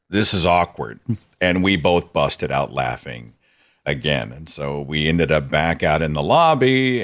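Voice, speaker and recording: A man hosting a podcast, telling a personal story in a candid, self-critical, conversational way. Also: extremely low pitch. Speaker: podcast host. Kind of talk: reflective personal storytelling monologue.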